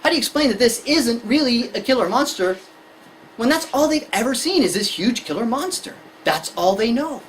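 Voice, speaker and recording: A woman's voice: a little high, lively intonation, moderate pace, slight background noise, poor audio. A woman giving a conversational lecture to parents on anxiety in children, explaining with everyday examples. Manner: conversational, illustrates with examples and acted-out scenes.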